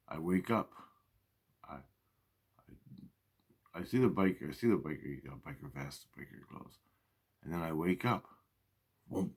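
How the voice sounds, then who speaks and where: Man with a deep voice for a casual, swear-heavy vlog monologue that loops back on itself. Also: breathy edge. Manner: profane, repetitive, restarts often. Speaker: vlogger. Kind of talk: rambling spoken monologue.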